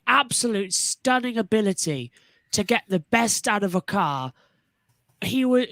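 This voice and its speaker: A woman's voice: medium pitch, dry recording. A woman on a motorsport panel talking enthusiastically and animatedly, often restarting her sentences. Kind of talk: casual panel discussion.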